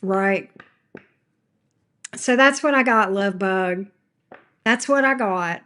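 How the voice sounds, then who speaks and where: A woman's voice: medium pitch, slow pace, a bit bright. A woman tarot reader chatting casually with her viewers from home. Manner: chatty, talks baby talk to her pet. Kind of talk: casual livestream chat.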